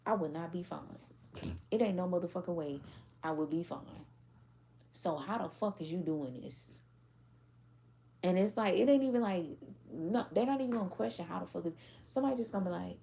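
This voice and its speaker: A woman's voice: mid-range voice, expressive, moderate pace, vocal fry, mellow. A woman giving a casual tarot reading to a general audience, blunt and profane, acting out how other people react. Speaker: tarot reader.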